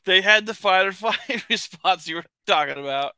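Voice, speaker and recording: Bright Southern man with wry banter. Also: sits high, moderate pace, clear, resonant tone, no echo, studio quality. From Arkansas, USA. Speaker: podcast co-host. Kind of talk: casual podcast chat.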